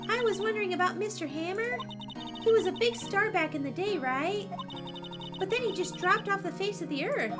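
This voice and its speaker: A woman voicing an excitable teenage girl, a spirit medium, in a high, eager, bouncy way. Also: moderate pace, loud music behind the voice.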